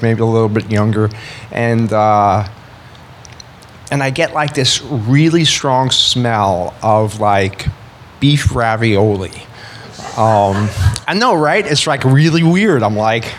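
A man's voice: mid-range voice, a little hiss or hum. A man casually telling a church testimony, rambling and full of "like" and restarts. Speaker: church speaker sharing a testimony.

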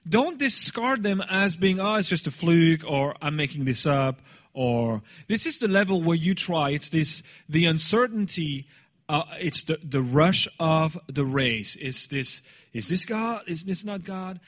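A man casually telling a personal story in an animated way, laughing now and then. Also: fairly high pitch, unhurried, lo-fi sound. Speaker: speaker sharing a story.

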